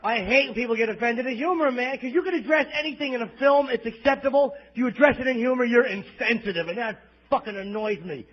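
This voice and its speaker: A man with a New York accent delivers a crude, self-mocking stand-up set in a very high voice. He sounds brash and blunt with a live crowd. The sound is a dull, muffled bootleg tape with a faint hiss underneath. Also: fast talker. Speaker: stand-up comedian. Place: live club theater.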